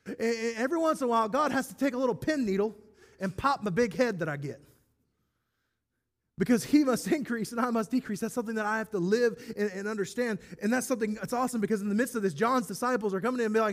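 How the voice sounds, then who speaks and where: A man's voice: extremely high pitch, quick pace. A male pastor preaching a sermon in an enthusiastic, conversational way, with self-deprecating humor.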